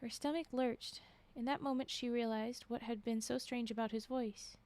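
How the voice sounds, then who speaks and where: A woman's voice: a little high, steady tone, moderate pace, a little mellow. Woman streamer reading creepypasta aloud. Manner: breaks off to react and comment. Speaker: streamer reading horror stories.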